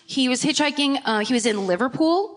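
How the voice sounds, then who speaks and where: A woman's voice: high-pitched, animated, brisk. An American woman co-hosting a comedy podcast, telling a story with lots of swearing and laughs mid-sentence. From United States. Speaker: podcast co-host. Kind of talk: comedic storytelling before a live audience.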